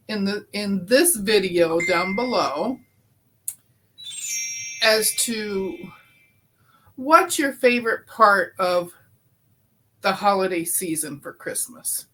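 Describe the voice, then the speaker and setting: A woman's voice: mid-range voice, a bit bright. A middle-aged woman hosting her own quilting channel, talking through a crafting project in a chatty, homey way with filler ums. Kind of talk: casual crafting tutorial.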